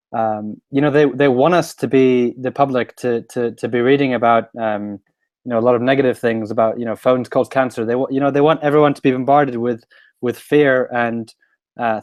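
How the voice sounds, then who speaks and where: A Swedish-born man is a guest on a live online talk. He speaks hesitantly and often stops to restart his sentences. His voice is at a middle pitch, recorded dry and close with no echo. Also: fairly even intonation, normal speed, a little mellow. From Sweden. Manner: hesitant, many fillers and restarts. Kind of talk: casual chat. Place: London.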